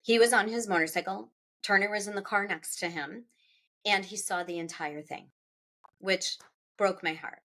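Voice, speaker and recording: A middle-aged woman, an author being interviewed, recounting a personal loss in a halting, emotional way, with restarts and pauses and her voice rising at the hardest moments. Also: mid-range voice, a bit bright. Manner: halting, with restarts and pauses; voice rises when recalling distress.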